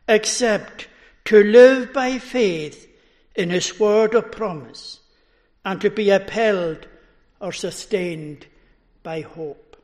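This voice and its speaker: A man preaching a sermon in a measured way, letting his voice fall at the end of phrases. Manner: slow, measured delivery, dropping low at phrase ends.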